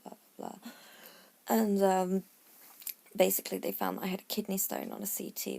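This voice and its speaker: Gravelly-voiced woman telling her story. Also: medium pitch, a little mellow. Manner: chatty, frank, drops to a near whisper at times. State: out of breath. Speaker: vlogger. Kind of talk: casual personal story to camera.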